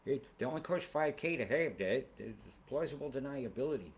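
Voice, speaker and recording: A man's voice: medium pitch, lively intonation, a little fast, hardly any pauses. A man hosting a weather livestream who rambles into angry, profane, conspiratorial rants.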